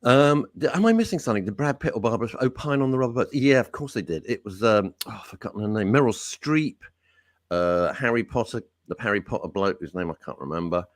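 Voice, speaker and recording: A man hosting a talk radio show, delivering a blunt, opinionated rant with big swings in pitch. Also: expressive, fast talker, dry recording, studio quality. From Britain. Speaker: radio host. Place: radio studio.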